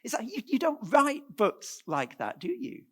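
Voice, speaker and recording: A middle-aged man giving a presentation at a church, animated and asking the audience rhetorical questions. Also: very high voice, measured pace. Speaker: guest speaker.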